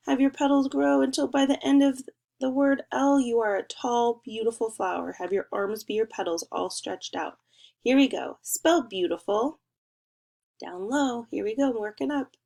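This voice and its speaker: A young woman with a fairly high, darkish voice and vocal fry guides first graders through a remote spelling lesson. She sounds encouraging and sing-song, pulling words out slowly.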